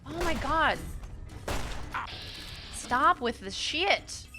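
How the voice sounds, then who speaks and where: A woman's voice: sits high, animated, extremely slow, music in the background. A woman streamer chatting casually with viewers while playing a game, swearing when things go wrong. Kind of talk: casual gameplay commentary.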